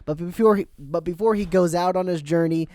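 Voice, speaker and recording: A man hosting a podcast, recapping cartoon episodes in casual, animated chat and laughing often. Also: high-pitched, fairly quick, dry recording, clean studio sound. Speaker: podcast host.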